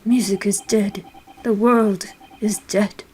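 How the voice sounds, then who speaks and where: A woman's voice: on the high side, fairly even intonation, slow pace, background noise. A woman voicing a gloomy theatrical male detective. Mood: despairing. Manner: gloomy, dramatic declaiming.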